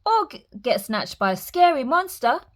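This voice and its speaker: A woman voicing a big, clumsy, warm-hearted male bear in a picture book, with a bouncy, fussing manner. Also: high-pitched, very animated, normal speed, pitched above the performer's own voice. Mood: worried.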